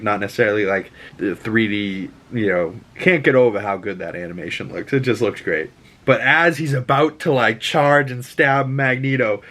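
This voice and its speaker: Boston-accented male podcast host, mid-pitched, loose and profane recap style. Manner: rambling, animated, swears, acts out lines. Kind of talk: casual show recap.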